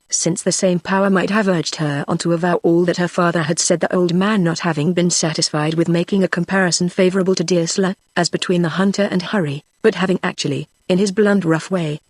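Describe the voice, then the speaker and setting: A text-to-speech voice narrating a classic novel in an even synthetic manner. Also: medium pitch, no room sound. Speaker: audiobook narrator.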